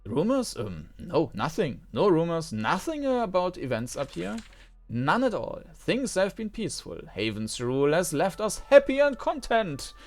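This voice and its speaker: A man's voice: on the high side, big pitch swings, normal speed, soft background music. A man reading out a nervous, eager male merchant in a game, in a strained and hesitant voice. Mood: evasive. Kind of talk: reading game dialogue aloud.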